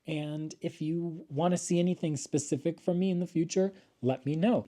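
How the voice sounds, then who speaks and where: A young American man talking to his camera at home in a casual vlog, campy and self-mocking, swearing freely with dramatic comic pauses. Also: fairly high pitch, steady tone, mellow. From United States. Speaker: YouTuber introducing his channel. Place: home, seated at couch or table. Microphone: camera mic.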